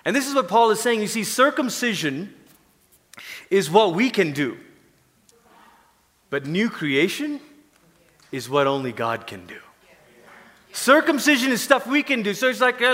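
A man preaching a sermon as pastor, animated, acting out Paul in casual talk and dropping to soft whispers. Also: high voice, moderate pace, pauses often, in a large hall.

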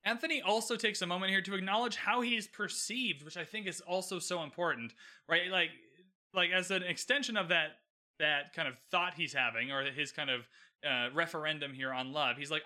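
A man in his twenties hosting a solo podcast recap, talking animatedly with many restarts and "like" fillers and acting out characters' lines. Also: fairly high pitch. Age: 20s. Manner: animated, acts out characters' lines in quick bits. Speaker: podcast host.

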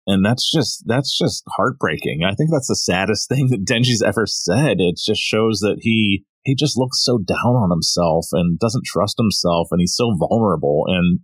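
Man, deep voice, husky, podcast co-host, thoughtful casual chat. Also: moderate pace, hardly any pauses, dry recording.

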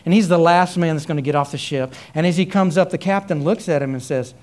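A man preaching a sermon, telling a story with many repeated phrases and rising to loud, high emphasis. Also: fast, hardly any pauses. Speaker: pastor.

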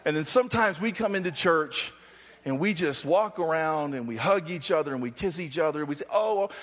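A man from Hawaii speaking at a youth conference, preaching energetically, often shouting and joking. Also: a little high, normal speed. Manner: animated, shouting, joking, restless. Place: large hall with audience. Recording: long hall reverb.

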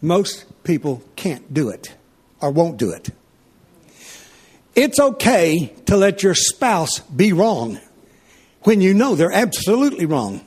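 A man preaching a sermon, telling stories with lively back-and-forth dialogue. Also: high-pitched, slow, long pauses, husky. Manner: animated storytelling, acts out his wife and himself in dialogue. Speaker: pastor.

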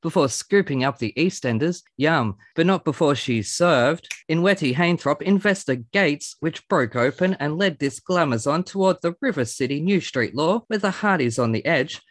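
A theatrical man hosts with a tenor that sits a touch high. He rattles through puns and wordplay with showman flair. The sound is dry and close, with no room at all. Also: no echo. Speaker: podcast host. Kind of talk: pun-filled show introduction.

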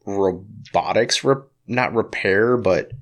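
A man with a lowish voice, talking in a dry, teasing way and swearing as he goes. He's a podcast co-host in relaxed casual chat with a glass of whiskey. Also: slow pace. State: drinking whiskey.

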